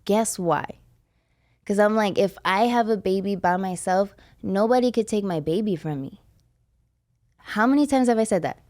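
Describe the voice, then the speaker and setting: A woman's voice: medium pitch, normal speed, pauses often, darkish tone. A young adult woman hosting a podcast, telling a personal story in a blunt, profane, emotional confessional way. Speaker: podcast host. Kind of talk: casual podcast chat.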